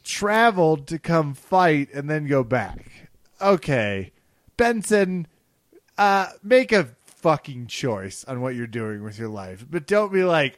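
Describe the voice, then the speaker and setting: Male co-host, higher-pitched, dry close mic, profane and mocking in casual chat. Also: big pitch swings, takes it slowly, dry recording. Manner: profane, mocking, mimics people he criticizes. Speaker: podcast co-host.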